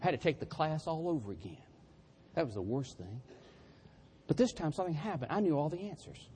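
A man tells a funny story in a folksy, self-deprecating way as part of a sermon. His voice sits a little high for a man, and a faint hiss of background noise runs under it. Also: sing-song, brisk, warm tone.

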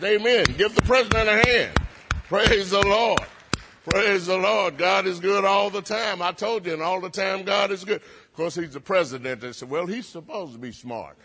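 A man's voice: on the high side, fairly bright tone, slightly rough. A man preaching a sermon in a rhythmic call-and-response style, repeating phrases and calling the audience to answer back. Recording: long hall reverb.

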